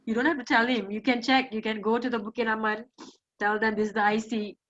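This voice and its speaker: A woman's voice: fairly high pitch, flat delivery, fast, fairly bright tone, lo-fi sound. Tearful Malaysian woman telling her story. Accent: Malaysian English. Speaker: guest, survivor of domestic violence. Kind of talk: emotional personal testimony.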